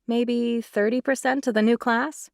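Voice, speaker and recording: Young woman recruit, calm n friendly, narrator doing her, dry close mic. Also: a little high, measured pace, no room sound, voice pushed up.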